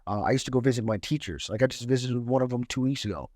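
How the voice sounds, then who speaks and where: A man's voice: medium pitch, rapid-fire, darkish tone, no echo, studio quality. A young man from Cleveland telling his story as a podcast guest, candid and streetwise, swearing freely. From Cleveland, Ohio. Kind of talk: casual storytelling.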